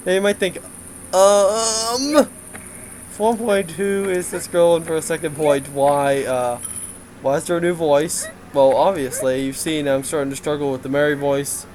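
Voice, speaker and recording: A man's voice: on the high side, expressive, moderate pace, slight background noise, rough recording. A man giving a casual game development update, rambling with lots of fillers and frequent laughs.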